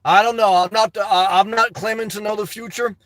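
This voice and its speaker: Man, high voice, live-stream vlogger, rambling chat, joking, laughs a lot, inside a parked car, dry close sound. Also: steady tone, fairly quick, a bit bright, no echo. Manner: joking, laughs often, fillers like "man" and "guys".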